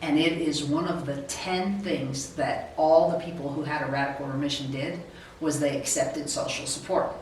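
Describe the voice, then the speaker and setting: A woman's voice: sits low, steady tone, normal speed, a little mellow. A woman hosting an interview who responds to her guest in an affirming, encouraging way. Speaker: interview host. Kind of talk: conversational interview. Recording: echoey, distant, faint noise.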